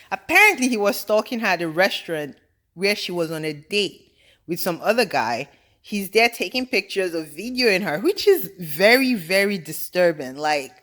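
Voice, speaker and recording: A young adult woman giving a casual reality TV recap, animated, exasperated and full of slang. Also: medium pitch.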